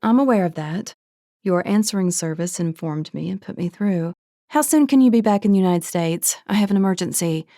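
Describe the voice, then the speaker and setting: A woman voicing a demanding, feisty young woman who owns an oil ranch, speaking in a brisk, clipped, insistent way. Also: lowish voice, dark tone, no room sound, studio quality, natural voice. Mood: urgent.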